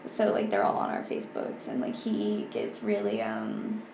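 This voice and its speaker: Young woman guest, twenties, gravelly low-key chat, echoey room. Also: sing-song, normal speed, noisy background. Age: 20s. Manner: soft-spoken, heavy use of "like". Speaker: podcast guest. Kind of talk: casual chat.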